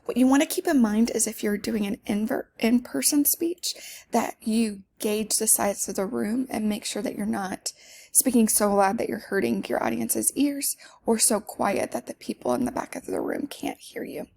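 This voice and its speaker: A woman's voice: on the high side, lively intonation, moderate pace, creaky, warm tone, husky. A woman teaching public speaking in a conversational lecture, with fillers and self-corrections. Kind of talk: lecture to students.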